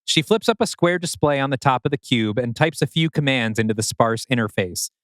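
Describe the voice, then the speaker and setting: A man reading scripted narration for an audio drama in a measured, wry manner. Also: medium pitch, expressive, no room sound, clean studio sound.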